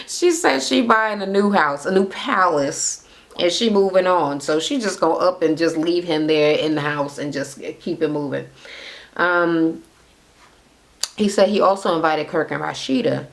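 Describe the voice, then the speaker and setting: A woman recaps a reality TV episode in a casual, gossipy, profane rant, acting out the cast members' lines as she retells scenes. Her voice is on the low side with vocal fry, and she talks a little slowly.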